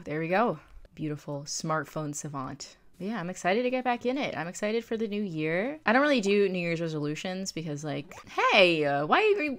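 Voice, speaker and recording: Low-voiced chatty young woman gamer. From New England. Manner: chatty, bubbly, easily excited. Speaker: gaming YouTuber. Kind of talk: casual gameplay commentary. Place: home desk. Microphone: desk microphone.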